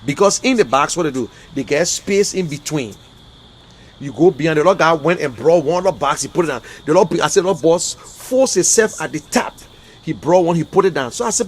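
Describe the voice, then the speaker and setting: A man's voice: high voice, lively intonation, moderate pace, slightly rough. Emphatic Liberian man on a livestream. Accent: Liberian English. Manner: emphatic, repetitive, exasperated. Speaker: livestream commentator. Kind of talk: heated livestream political talk.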